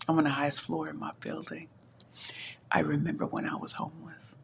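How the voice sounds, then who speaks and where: A woman speaking as a podcast guest from her home computer, passionate and emphatic, now and then dropping to a soft near-whisper. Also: sits low, steady tone, fairly quick, gravelly. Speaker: guest, entrepreneur and pitch champion. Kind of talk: podcast interview. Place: home with a balcony, city view.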